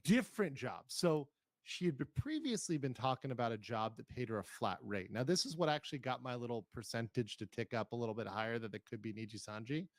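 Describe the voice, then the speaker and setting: A man's voice: mid-range voice, lively intonation, brisk, no room sound, clean studio sound. A man hosting a stream, commenting on clips and reading chat aloud in a careful, hedging way. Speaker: streamer host. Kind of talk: casual commentary reacting to clips.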